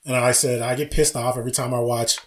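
A man's voice: mid-range voice, fast talker. A man co-hosting a casual podcast chat, telling stories with lots of laughter and acted-out quotes. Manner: animated storyteller who acts out quotes and laughs often. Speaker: podcast co-host.

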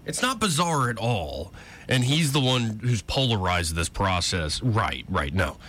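A man's voice: lowish voice, sing-song, a little slow, a bit bright. A man hosting a political talk radio show, blunt, joking and opinionated.

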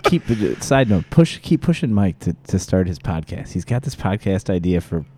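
A man with a deep, dark, relaxed voice hosts a podcast in easygoing conversation. He rambles, laughs, and drops the odd curse word while telling stories. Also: normal speed, a little hiss or hum. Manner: laid-back, swears casually, laughs often. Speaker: podcast host. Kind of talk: casual chat.

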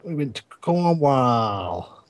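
A man chatting casually on a podcast, telling stories with relaxed deadpan quips. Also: medium pitch, slow pace. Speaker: podcast co-host. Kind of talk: casual group podcast chat.

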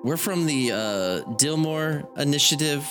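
A man's voice: on the high side, lively intonation, unhurried, music in the background. A man playing a tabletop game, talking casually in character with a drawl.

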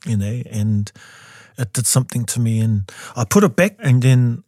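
A man in his forties with a New Zealand accent, a composer guest telling his story in a studio interview and jumping into high voices when he quotes people. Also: animated, moderate pace, mellow, no echo. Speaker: guest, composer and taonga pūoro player.

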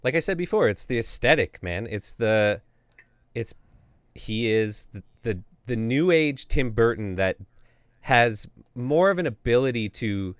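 A man co-hosting a podcast, talking about a director's style in a halting way as he searches for his words. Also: mid-range voice, animated, clean tone, dry recording, clean studio sound. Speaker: podcast co-host, filmmaker. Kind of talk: casual film discussion.

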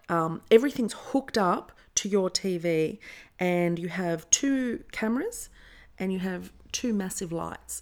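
A woman chatting as a guest, telling a story in an animated way and acting out what others said. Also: lowish voice. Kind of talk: storytelling in a podcast interview.

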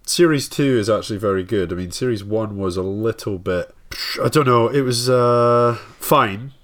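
A man's voice: on the low side, moderate pace. Tired man rambling in podcast chat. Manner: tired, rambling with many fillers and restarts. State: tired from lack of sleep. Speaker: podcast co-host. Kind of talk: casual chat.

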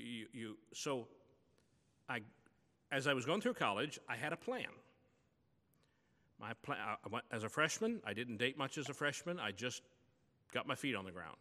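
A pastor delivers a sermon in a bright, forceful voice, talking through his points like a story told to friends. The sound carries the long reverb of a church hall. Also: medium pitch. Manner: conversational storytelling preaching.

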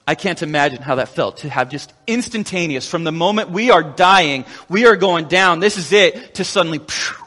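Pastor, male, high voice, lively storyteller who acts out quotes, long reverb of a large hall. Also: moderate pace, hardly any pauses. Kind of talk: sermon.

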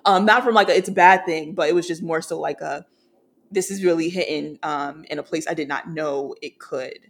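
A podcast co-host talking casually about a TV series, halting and full of fillers, clearly moved. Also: mid-range voice, fairly even intonation. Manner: halting, filler-heavy, emotional.

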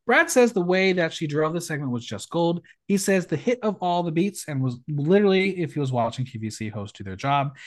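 A man's voice: fairly high pitch, animated, a little fast, few pauses. A man hosting a podcast, recapping a show in casual chat and reading out judges' comments with emphatic, campy delivery. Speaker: podcast host.

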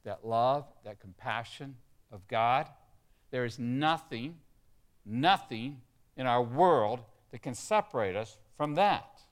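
A man's voice: mid-range voice, expressive, takes it slowly. A pastor preaching a sermon. He stresses key words and gets the congregation to repeat lines back to him. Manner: emphatic, leads the congregation in call-and-response.

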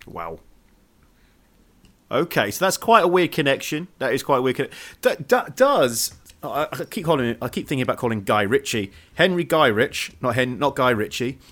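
A man co-hosting a podcast in casual chat, tossing in jokes and quick asides. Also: mid-range voice, big pitch swings, fairly bright tone. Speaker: podcast co-host.

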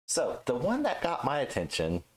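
A man's voice: mid-range voice, wildly swooping pitch, moderate pace, slightly rough. A man co-hosting a podcast in casual chat, blunt and teasing, swearing freely. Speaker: podcast co-host.

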